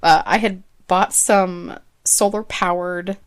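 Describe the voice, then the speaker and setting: A young woman with a fairly low voice co-hosts a casual podcast chat. She talks in a loose, rambling way, laughs easily and often trails off mid-sentence. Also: fairly even intonation, slow. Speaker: podcast co-host.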